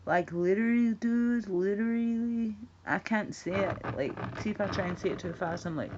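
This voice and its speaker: A woman's voice: lowish voice, brisk, a little hiss or hum. A Scottish woman chatting casually with her stream viewers, swearing and laughing as she talks. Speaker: livestreamer. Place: at home. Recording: dull lo-fi stream audio.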